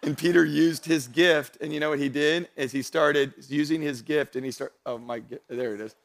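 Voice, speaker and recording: A young adult man, a pastor, preaching a sermon to his church, building to loud emphatic passages and joking with the congregation. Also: on the high side, steady tone, moderate pace, creaky. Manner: jokes with the congregation. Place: church stage before a congregation.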